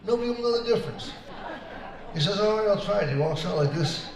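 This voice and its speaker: A man's voice: sits high, expressive, quick pace, crowd noise. A man telling a string of jokes to a senior center audience in an easygoing way, playing the voices of his characters. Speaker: performer at a senior center concert. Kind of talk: telling jokes between songs. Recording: echoey room, voice from far off.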